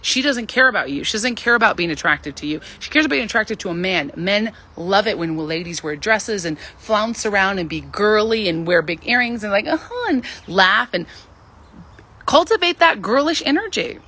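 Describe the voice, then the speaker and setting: Bright, forceful woman chatting on a livestream. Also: medium pitch, moderate pace. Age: 30s. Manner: animated and chatty, acting out quoted voices. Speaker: livestream host giving dating advice. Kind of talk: casual livestream talk.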